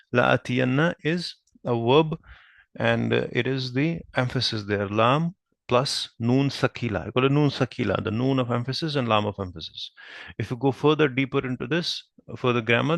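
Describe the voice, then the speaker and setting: A man with a medium-pitched, creaky, slightly bright voice is heard in a studio-quality recording with no echo. He's at a whiteboard teaching Arabic grammar, explaining each point patiently, spelling Arabic terms slowly, and asking frequent questions to check comprehension.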